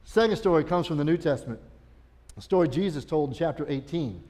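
A man's voice: fairly high pitch, lively intonation, brisk, warm tone. A man, a children's pastor, preaching a sermon in a folksy, conversational storytelling way. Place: church sanctuary. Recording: long church reverb.

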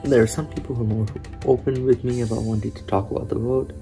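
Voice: mid-range voice, fairly even intonation, fast, creaky, warm tone, faint music behind. A young contestant gossiping casually in a confessional about other players. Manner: casual gossiping with quoted asides. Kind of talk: confessional interview.

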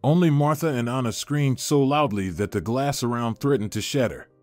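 A man's voice: mid-range voice, moderate pace. A man reading a dramatic story aloud as narrator. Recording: dry studio voice-over with faint music.

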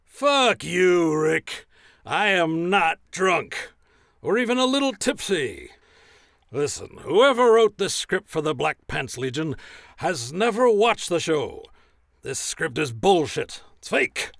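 A man playing a gruff, profane, hard-drinking male arena announcer who blusters through a commercial recording in a comedy sketch. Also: a little high, very animated, slow pace, fairly bright tone, no echo, clean studio sound, full character voice. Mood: ranting.

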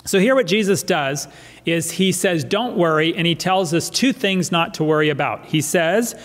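A man's voice: fairly high pitch, moderate pace, a bit bright. A male pastor preaching a sermon in a church, emphatic and fond of repeating his key phrases. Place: church sanctuary. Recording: church hall reverb.

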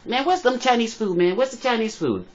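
A man voicing a brash, excitable comic who trash-talks rapidly in an impression. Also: very high-pitched, voice pushed up. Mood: bickering. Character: fast-talking, high-voiced comic man, brash and defensive. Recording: dull lo-fi phone recording.

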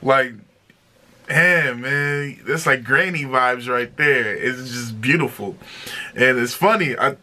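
Bright-voiced excitable male reviewer. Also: medium pitch, slow. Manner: excitable, slangy, chatty. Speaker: music reaction host. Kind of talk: casual music reaction review.

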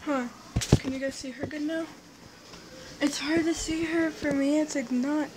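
A woman's voice: sits high, steady tone, moderate pace, a little mellow. A young woman vlogging in a casual chat, gushing and squealing as she repeats herself. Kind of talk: excited casual vlog chat. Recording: noisy home recording.

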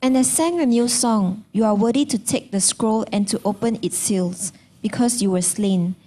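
A woman reading a scripture passage aloud during a sermon in a steady cadence. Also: mid-range voice, moderate pace. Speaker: scripture reader.

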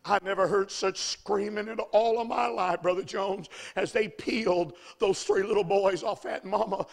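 A man preaching a fiery revival sermon in a church, swinging from hushed storytelling to shouting. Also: high-pitched, steady tone, moderate pace, vocal fry, hardly any pauses, a faint crowd.

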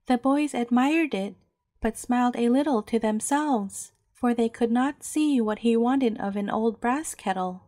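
A woman storyteller reading a bedtime fairy tale aloud in a gentle, measured way. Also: a little high, no room sound, studio quality.

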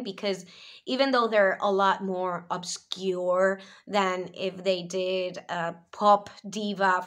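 A woman from Spain talks through a review in English with a clear Spanish accent. Her voice is bright and lively in tone, and her delivery is chatty, enthusiastic and loose, dotted with casual fillers. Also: medium pitch. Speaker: video reviewer. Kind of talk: casual explanatory vlog.

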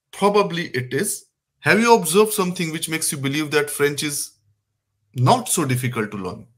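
A man's voice: a little high, a bit bright. Indian man teaching French, upbeat. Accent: Indian English. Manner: encouraging, drills vocabulary by calling out words. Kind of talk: live online lesson answering viewers.

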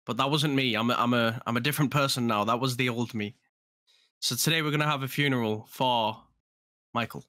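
A man's voice: medium pitch, a little fast, bright, forceful tone, dry recording, studio quality. A young man, chatting and joking through a game as a gaming YouTuber, often asking "you know what I mean". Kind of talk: casual gaming commentary.

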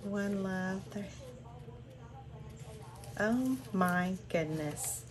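A woman's voice: medium pitch, very slow, a crowd in the background. An older woman hosting an unboxing vlog from her home craft room, gushing with gasps and breathless exclamations. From southern United States. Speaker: crafting channel host. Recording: home recording with background noise.

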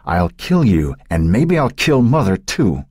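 Guy doing a creepy disturbed woman, hushed and menacing, goes childlike high, husky tone. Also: huge pitch swings, moderate pace, no echo, studio quality, full character voice. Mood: threatening. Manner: soft, menacing whisper shifting to girlish falsetto.

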